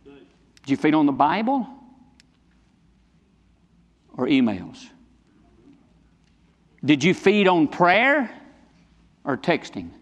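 A man's voice: on the high side, sing-song, slow, long pauses, muffled recording. A man preaching a Sunday sermon as pastor, emphatic and repetitive, putting direct questions to his congregation. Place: church sanctuary. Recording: long reverb of a large hall.

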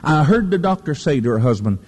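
Fervent preacher in an echoey hall. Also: male voice, fairly high pitch, very animated, brisk, a little mellow, breathy edge. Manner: fervent, folksy storytelling preacher. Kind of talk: sermon.

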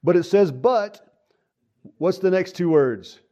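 A man's voice: high-pitched, normal speed, dark tone, lo-fi sound. A man preaching a sermon in church, earnest and folksy, repeating key phrases and stopping to say "uh" and "so.". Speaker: pastor.

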